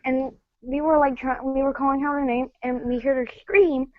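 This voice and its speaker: A woman calling in to tell a story, halting and hesitant with many fillers. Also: sits high, fairly even intonation, dry recording. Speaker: caller. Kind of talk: casual phone-in storytelling. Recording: muffled lo-fi audio.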